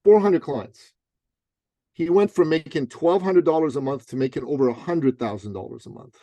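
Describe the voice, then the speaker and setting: A middle-aged man, an author and business coach, telling a punchy, animated story as a guest in an interview. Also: a little high, moderate pace, no room sound. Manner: lively, punchy, acts out other people's voices.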